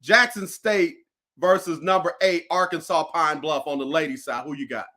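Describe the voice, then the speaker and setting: Male host, bright higher voice, playful teasing banter. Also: fairly even intonation, moderate pace. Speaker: show host. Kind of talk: casual sports chat.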